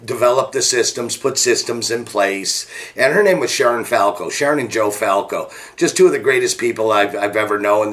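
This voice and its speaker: A middle-aged man, a business coach, telling an energetic, animated motivational story. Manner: energetic, animated, jumps pitch to act out quotes.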